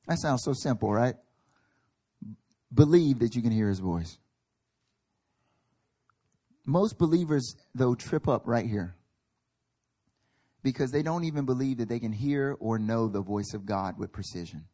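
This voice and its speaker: A man's voice: medium pitch, animated, a little slow, pauses often, dark tone. A male pastor preaching a sermon at a church service, emphatic and building in intensity, acting out little quoted voices.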